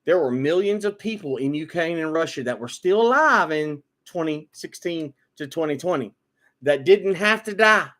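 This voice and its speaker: A man's voice: a little high, expressive, moderate pace, a bit bright. A man giving an opinionated political monologue, repeating words and restarting often, then building to emphatic bursts. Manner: repetitive stammering restarts, rising to emphatic outbursts.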